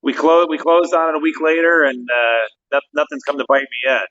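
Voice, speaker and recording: A man co-hosting a casual livestream chat, telling stories in an animated way and laughing often. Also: a little high, brisk, dull audio. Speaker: podcast co-host, real estate investor.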